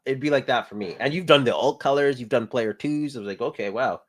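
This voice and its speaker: A man's voice: medium pitch, fast talker. A man co-hosting a casual chat, laid-back and blunt, teasing his co-host. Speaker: co-host of a toy show.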